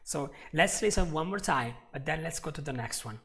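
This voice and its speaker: A man teaching a live online English lesson, chatty and laughing often, repeating example phrases slowly. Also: fairly high pitch, lively intonation, gravelly, fairly bright tone.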